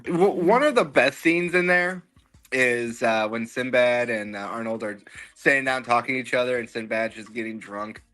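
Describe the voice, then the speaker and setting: A man's voice: mid-range voice, normal speed, pushed and bright. A man chatting as a guest on a panel, laughing as he recalls movie scenes. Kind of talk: casual panel chat.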